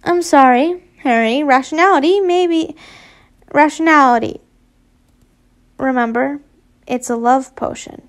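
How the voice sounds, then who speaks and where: A woman voicing a tender, regretful young man who speaks softly. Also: sits high, a little slow, long pauses. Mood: soothing. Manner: soft, tender. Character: gentle, regretful young man, soothing his love.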